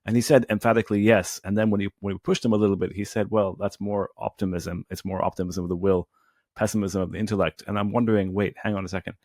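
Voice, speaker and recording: A man's voice: lowish voice, fairly even intonation, quick pace, a little mellow, dry recording, clean studio sound. A man co-hosting a discussion podcast, asking probing follow-up questions. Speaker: podcast co-host. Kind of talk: casual discussion.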